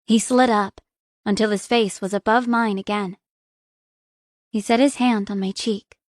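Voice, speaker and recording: Young woman reading a romance audiobook slow and soft, close mic, dry sound. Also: mid-range voice, steady tone, no echo. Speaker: audiobook narrator. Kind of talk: first-person romance audiobook narration.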